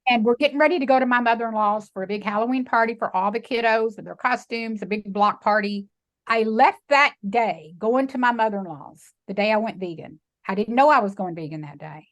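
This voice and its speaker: A middle-aged woman with a Texan drawl recounts a personal turning point in an interview. Her voice sits fairly high, and she speaks with emphatic, animated energy, slipping into the voices of the people she quotes. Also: fairly quick. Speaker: guest, sanctuary founder. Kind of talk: emotional storytelling interview.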